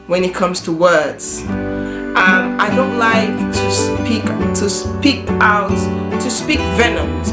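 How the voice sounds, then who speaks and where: A woman and mother talking casually to camera in an earnest way, often repeating and restarting her phrases. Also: mid-range voice. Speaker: vlogger, mother. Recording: echoey room with soft guitar music.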